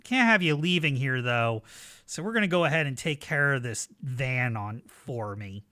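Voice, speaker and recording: A cocky henchman of a dark lord, as the game master puts him on, taunting loudly from the street below. He sounds bright and forceful, with the room dry and close. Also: mid-range voice, lively intonation, normal speed, no room sound. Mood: menacing. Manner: smug, taunting, shouting down.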